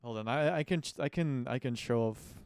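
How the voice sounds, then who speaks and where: A man's voice: medium pitch, brisk, gravelly, darkish tone, clean tone, no echo, clean studio sound. Rambling, self-mocking male streamer. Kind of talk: casual live-stream chat.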